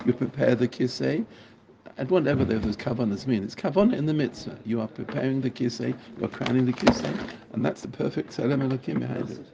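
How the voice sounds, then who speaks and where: A man's voice: mid-range voice, a little fast, vocal fry, noisy background. A man teaching a Torah class in a casual, enthusiastic way, repeating phrases for emphasis. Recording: muffled recording with a crowd audible.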